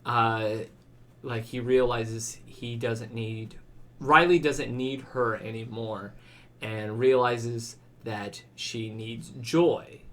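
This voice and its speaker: A man's voice: mid-range voice, steady tone, slow pace, a bit bright. A man co-hosting a casual podcast chat, talking in a rambling way with lots of "like" fillers. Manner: rambling, many "like" fillers, acts out quoted lines. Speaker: podcast co-host.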